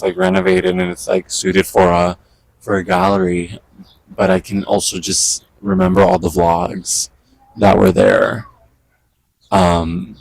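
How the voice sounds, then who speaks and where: A man with a low, gravelly voice vlogs casually from a park. He is chatty and excitable, breaking off mid-thought to talk to the birds. The sound is dry and close to his handheld camera. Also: no echo, low-quality recording. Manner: chatty and excitable, talks to birds, quick asides. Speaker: vlogger. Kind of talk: casual outdoor vlog chat. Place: outdoors in a park.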